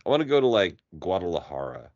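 A man telling a story on a podcast in casual chat, animated and swearing, acting out the people in his stories. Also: deep voice, no room sound. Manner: animated, swearing, quick to play characters. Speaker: podcast co-host. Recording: dry, dull lo-fi audio.

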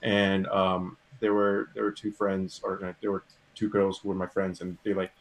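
A man with a lowish voice tells a personal story to friends. He stalls and repeats words, then pushes on. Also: monotone, normal speed. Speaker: guest. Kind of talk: casual storytelling.

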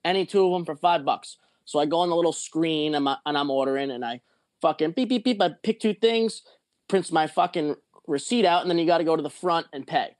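A man's voice: a little high, brisk, no echo. A man telling a rambling, profane story in a casual podcast chat. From not from Jersey or Pennsylvania.

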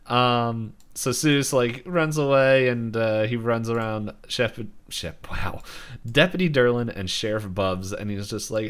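A man's voice: medium pitch, lively intonation, takes it slowly. A man co-hosting a podcast, casually recapping a cartoon episode, rambling, laughing often and acting out quotes. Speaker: podcast co-host.

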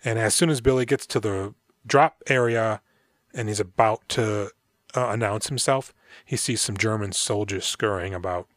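A man's voice: fairly low pitch, moderate pace, dry recording, studio quality. A man hosting a podcast, casually retelling a film's plot in a rambling, profane way and acting out the characters' lines. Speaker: podcast co-host. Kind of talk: casual movie recap.

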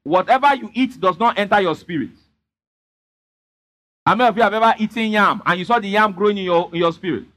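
A man preaches with a high-pitched voice. He leans hard on his points and keeps pressing the congregation to answer him back. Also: fast, pauses often, bright, forceful tone. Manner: emphatic, repeatedly prompting the congregation. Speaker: pastor. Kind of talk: sermon with call-and-response.

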